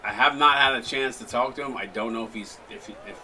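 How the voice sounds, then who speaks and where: A man hosting a live stream, mixing casual chat with excited play-by-play calls. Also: mid-range voice, brisk, slight background noise, poor audio. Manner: chatty, jokey, breaks into excited shot calls. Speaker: play-by-play commentator and stream host.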